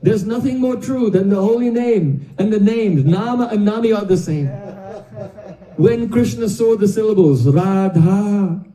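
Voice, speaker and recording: Male spiritual teacher telling a sacred story, high voice, very dark tone, animated delivery; roomy, off-mic sound. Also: unhurried. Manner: animated, acts out quoted dialogue, chuckles. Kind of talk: devotional storytelling lecture. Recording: echoey room, mic at a distance.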